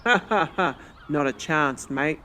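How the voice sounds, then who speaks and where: A woman's voice: medium pitch, lively intonation, unhurried, lightly acted. A woman voicing a wry, sarcastic young man. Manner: dry, sarcastic.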